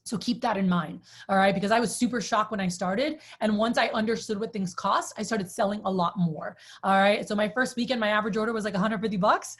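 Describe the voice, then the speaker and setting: A woman's voice: mid-range voice, steady tone, fast, few pauses. Chatty woman sales trainer. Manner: chatty storyteller, many "like" fillers; asks the group questions. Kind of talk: casual training talk to a group.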